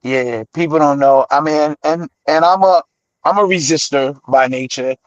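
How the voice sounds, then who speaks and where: A middle-aged man from the Bronx with a New York accent, a guest on a radio show, telling his stories with animated energy and acting out the voices he quotes. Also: fairly high pitch, normal speed, no echo, lo-fi sound. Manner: animated storyteller who acts out quoted voices. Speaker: guest, hip-hop artist. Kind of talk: radio interview storytelling.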